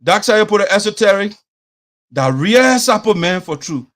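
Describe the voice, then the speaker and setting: A man with a Liberian English accent and a high, light voice, delivering opinionated commentary as host. He talks with animation, drops into phrases of his local language, and imitates the people he is discussing. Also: lively intonation, normal speed, a bit bright. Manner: mimics the people he talks about.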